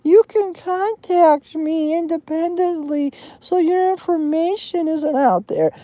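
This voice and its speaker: A woman doing a high whiny mocking man. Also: lively intonation, takes it slowly, warm tone, no room sound, full character voice. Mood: whiny mockery.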